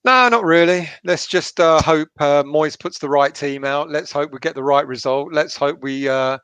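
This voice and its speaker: A man's voice: a little high, moderate pace, fairly bright tone, clean tone, no echo. A man co-hosting a casual fan live stream, blunt and often laughing.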